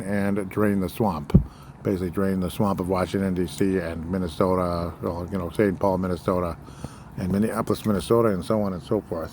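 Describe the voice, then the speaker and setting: A man's voice: low-pitched, a little mellow, slight background noise. A man hosting his own political podcast, talking loosely and rambling, with many fillers and small apologies. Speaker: podcast host. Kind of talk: casual political podcast monologue.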